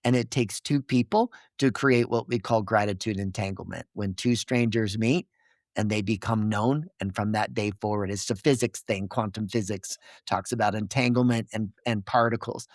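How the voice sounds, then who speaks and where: A man's voice: on the low side, fairly even intonation, moderate pace, dry recording, studio quality. A man as a podcast guest, explaining his ideas earnestly and checking in with his listener as he goes. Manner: didactic, checks in with "okay?" and "right?".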